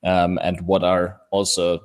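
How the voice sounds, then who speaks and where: A man hosting a live online talk, chatting in a relaxed way with many fillers, recorded on a professional microphone. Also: sits low, a little slow. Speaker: host.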